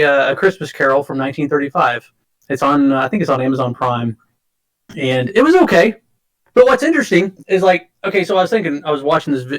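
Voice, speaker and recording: A man's voice: on the high side, a bit bright, poor audio. A man hosting a podcast, talking in a chatty, enthusiastic, rambling way. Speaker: podcast host. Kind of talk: casual chat.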